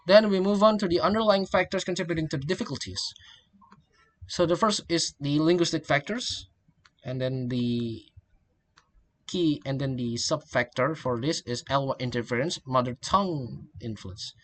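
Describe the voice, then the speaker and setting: A young man, a student giving a class presentation, halting and often restarting his phrases. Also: fairly high pitch, fairly bright tone. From Indonesia. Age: young adult. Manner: halting, repeats and restarts phrases, links points with "and then".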